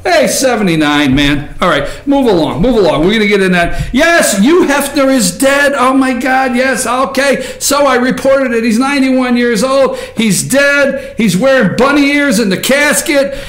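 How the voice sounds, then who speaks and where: A man's voice: very high-pitched, moderate pace, few pauses, reverberant. A man hosting a morning talk show, rambling and joking, often raising his voice. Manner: rambling, animated, jokey, often shouting. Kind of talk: casual talk show monologue.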